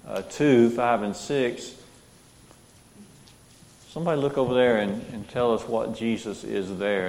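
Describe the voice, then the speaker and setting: A man's voice: medium pitch, gravelly, warm tone, big-room sound. A man teaching a Bible class, reading scripture aloud and asking the group questions.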